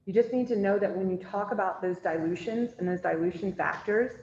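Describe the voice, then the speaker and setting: A woman gives a chemistry lecture over a video call. She talks in a chatty way, asking the class questions and then answering them herself. Her voice sits at an ordinary pitch, and the audio is a little dull and lo-fi. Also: fairly quick, darkish tone. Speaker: chemistry instructor. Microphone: computer mic on a video call.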